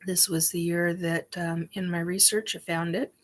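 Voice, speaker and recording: A woman's voice: lowish voice, level tone, moderate pace. A woman hosting a show, telling a personal story in a rambling, emphatic way with many ums and restarts. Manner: emphatic, swears casually. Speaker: host.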